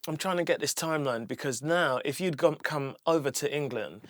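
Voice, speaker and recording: A man hosting a podcast interview, relaxed, with short encouraging replies. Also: a little high, brisk, dry recording. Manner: relaxed, brief encouraging backchannels. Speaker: podcast host. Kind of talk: casual interview.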